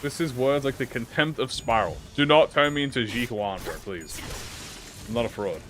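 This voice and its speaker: A young man live streaming while he plays a game, chatting casually, swearing a lot, rambling through stammered restarts and loudly insisting he is not upset. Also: mid-range voice, moderate pace, background noise. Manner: excitable, swears a lot, jumps to deny being upset. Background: game music playing.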